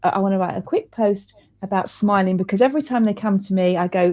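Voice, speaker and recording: A woman hosts the conversation, speaking quickly and in a chatty, encouraging way. She often restarts her sentences. Her voice is mellow and warm. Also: medium pitch. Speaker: host. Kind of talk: casual interview chat.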